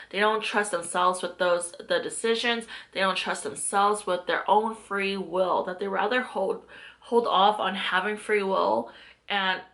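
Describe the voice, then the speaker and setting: A woman's voice: medium pitch, pushed and bright. A young adult woman, a mindset coach, giving an earnest, chatty motivational talk to camera and reflecting on her own past. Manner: earnest, chatty, self-reflective, with bursts of animation.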